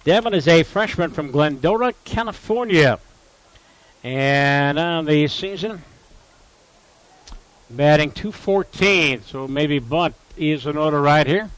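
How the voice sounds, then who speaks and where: A man calling a college baseball game play-by-play, with a voice that sits a little higher than most. He runs through counts, lineups and sponsor reads in a steady, informative way. When the big plays come, his voice jumps up with excitement. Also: slow pace, low-quality recording. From Upper Midwest US. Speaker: play-by-play announcer.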